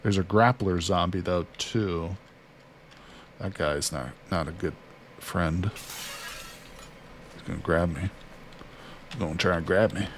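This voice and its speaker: A man's voice: deep voice, slow, long pauses, slight background noise. A man casually commentating as he plays a survival game, chatting to himself and to his character. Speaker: gaming streamer. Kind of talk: casual let's-play commentary.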